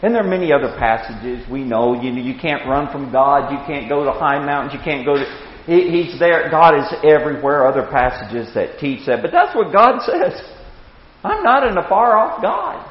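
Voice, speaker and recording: Lively older man teaching Bible class. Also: medium pitch, moderate pace. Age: 60s. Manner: animated, chuckling, repeats words when starting sentences. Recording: echoey hall, dull lo-fi sound.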